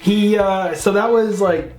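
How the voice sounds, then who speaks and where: A man's voice: high voice, steady tone, takes it slowly. Rambling Canadian-raised man chatting casually. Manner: rambling, hesitant with many fillers. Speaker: reaction video host. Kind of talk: casual chat. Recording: echoey room with faint music.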